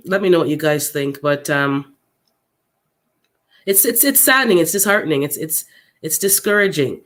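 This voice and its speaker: Unsettled and upset, a gardening channel host with a somewhat high voice talks through his thoughts haltingly on a casual livestream for viewers. He frequently repeats what he says.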